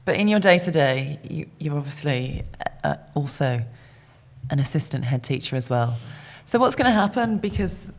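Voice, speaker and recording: Low-voiced woman hosting an interview. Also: animated. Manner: encouraging, quick affirmations. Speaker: interviewer, host. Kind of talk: casual interview chat.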